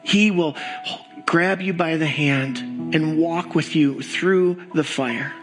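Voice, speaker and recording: A man leading a congregation in slow, earnest pastoral prayer during a church service. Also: fairly high pitch, over music, low-quality recording. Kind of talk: sermon prayer. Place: church sanctuary.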